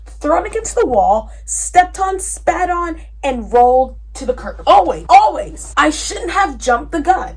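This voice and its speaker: High-voiced woman ranting in a reading vlog. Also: measured pace, hardly any pauses. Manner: animated, exasperated, ranting; swings between loud outbursts and tired mumbling. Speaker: book vlogger. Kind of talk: casual reading vlog reaction.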